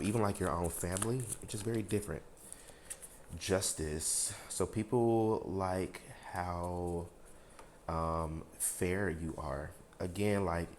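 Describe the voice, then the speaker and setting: A man's voice: low-pitched, a little mellow, slight background noise. A man giving a casual tarot reading to his viewers, rambling with lots of fillers and talking frankly, with a bit of swearing. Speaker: tarot reader.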